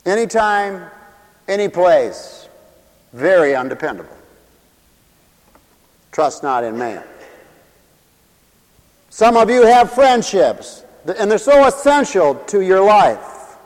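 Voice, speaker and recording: A man's voice: high-pitched, very animated, takes it slowly, long pauses. A man preaching a humorous sermon in a theatrical way, laughing at his own jokes, in a hall with long reverb.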